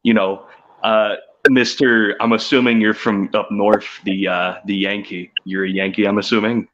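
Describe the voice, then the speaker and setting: Combative low-voiced southern man. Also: little pitch movement, moderate pace, a bit bright, dull audio. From South Carolina. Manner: combative, cursing, rambling. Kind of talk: heated online debate.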